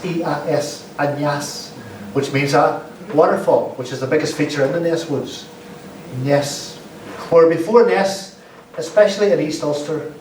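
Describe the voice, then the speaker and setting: A man giving a public lecture, explaining points and repeating words aloud to show how they sound. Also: a little high. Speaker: guest lecturer. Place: lecture room. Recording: roomy echo, distant mic, faint hiss.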